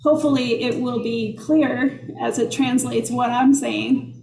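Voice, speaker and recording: A woman's voice: on the high side, steady tone, measured pace, vocal fry, darkish tone, roomy sound. A woman with a Minnesota accent teaching a live online cooking class from her kitchen, chatty and upbeat as she greets viewers. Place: kitchen workspace.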